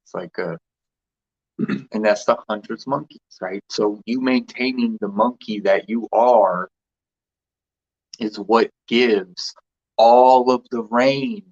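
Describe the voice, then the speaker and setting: A young man chats loosely on a livestream, circling back on his words with plenty of fillers and restarts. His voice sits on the low side. The stream audio sounds dull and muffled. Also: takes it slowly, pauses often, darkish tone. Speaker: livestream host. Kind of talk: rambling casual livestream chat.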